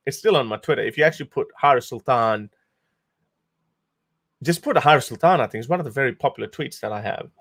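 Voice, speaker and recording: A man's voice: medium pitch, expressive, quick pace, pauses often, fairly bright tone. A man hosting a livestream, talking casually in an amused, sarcastic way with frequent laughs and restarts. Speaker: host.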